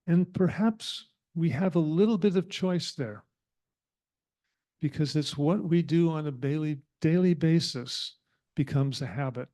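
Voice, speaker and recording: A man giving a reflective sermon to a spiritual community, speaking with thoughtful pauses. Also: fairly high pitch, mellow.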